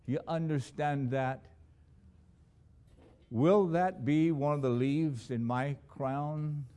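A man preaching a sermon as a missionary, telling stories with dramatic swings between loud emphasis and hushed, low lines. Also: takes it slowly, clean tone.

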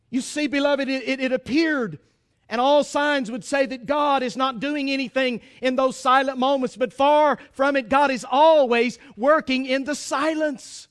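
A man preaching a sermon in an emphatic, pleading way, at times rising to a shout. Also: very high voice, steady tone, moderate pace.

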